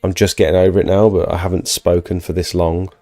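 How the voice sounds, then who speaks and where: A man's voice: sits low, little pitch movement, fast, dark tone. A man hosting a live stream, chatting casually as he answers viewer questions while getting over an illness and losing his voice. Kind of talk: casual live Q&A about pressure washing.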